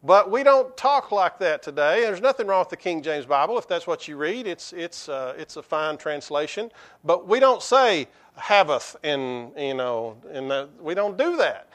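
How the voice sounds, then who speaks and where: A pastor gives a sermon in a high, light voice. He often stops and restarts his sentences, and he slows to a measured pace when he reads scripture aloud. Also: very animated, a bit bright. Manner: halting, with frequent restarts and fillers.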